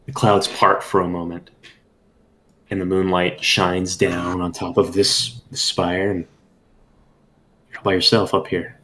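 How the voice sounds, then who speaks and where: A man narrating a tabletop role-playing game as game master, describing scenes in a measured storytelling way. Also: low-pitched, level tone, bright, forceful tone, a little hiss or hum.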